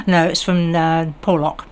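Older posh-sounding english woman, chatty radio guest, lowish voice, faint hiss. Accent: southern English, received pronunciation. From West Country of England. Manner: chatty, hesitant with ums and restarts. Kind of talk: casual radio chat.

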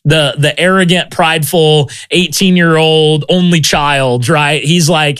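Animated man telling a testimony. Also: on the high side, measured pace, hardly any pauses, clear, resonant tone, dry recording. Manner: animated, conversational, often says "man" and "right?". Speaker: missionary telling his testimony. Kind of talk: personal testimony storytelling. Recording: music bed under speech.

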